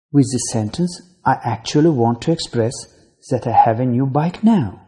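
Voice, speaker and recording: A man reading a scripted English grammar lesson aloud as a teacher, slowly and deliberately. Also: mid-range voice. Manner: slow, deliberate reading with lively ups and downs.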